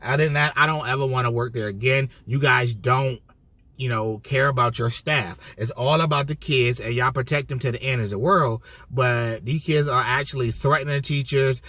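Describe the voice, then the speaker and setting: A man vlogging a casual storytime, telling it in a heated, profane way with animated bursts. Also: medium pitch, moderate pace, dry recording. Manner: cheerful put-on customer-service voice when mimicking himself.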